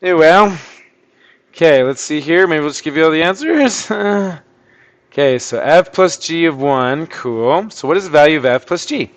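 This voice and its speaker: A man teaching an online math lesson, working through problems out loud in a chatty way and breaking into surprised exclamations. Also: on the high side, animated, moderate pace. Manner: thinking aloud, chatty, with sudden surprised outbursts.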